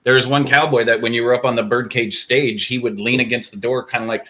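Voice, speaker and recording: A man who is a guest on a paranormal podcast, telling stories in an animated way and finishing his partner's sentences in casual chat. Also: medium pitch, quick pace.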